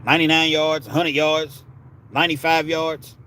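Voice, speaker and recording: A man's voice: fairly high pitch, level tone, moderate pace, bright, forceful tone, a little hiss or hum. A man hosting a live stream, chatting casually with viewers and telling stories in a laid-back way with street slang. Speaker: livestream host. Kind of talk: casual storytelling and chat with viewers.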